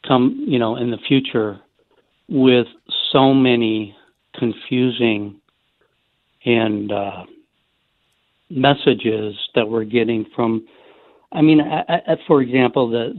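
A man's voice: medium pitch, slow, no echo. A man calling in to a show, hesitantly explaining a concern and searching for words. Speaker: caller. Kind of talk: call-in question. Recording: tinny phone line.

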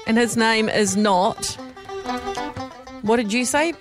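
A playful New woman co-hosting drive-time radio, her voice sitting a little high as she teases and giggles through the banter. Music plays clearly underneath her. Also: takes it slowly. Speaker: radio show co-host.

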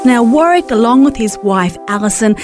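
A woman's voice: a little high, lively intonation, normal speed, over music. A woman hosting a faith radio interview, encouraging and full of praise. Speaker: radio host.

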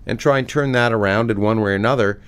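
A middle-aged male physicist and author being interviewed, talking with animated enthusiasm and many restarts. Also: on the low side, fast, clear, resonant tone. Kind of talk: conversational interview, reading aloud from his book.

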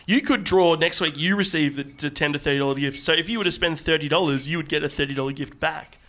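Excitable man, podcast co-host. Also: a little high. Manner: jokey, quick to burst into loud laughter and shouting. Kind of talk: casual comedy podcast chat.

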